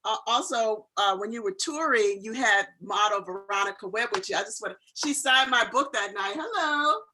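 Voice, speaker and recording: Interview host, virtual book talk, mid-pitched voice, bright sound, short affirming replies. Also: moderate pace, low-quality recording.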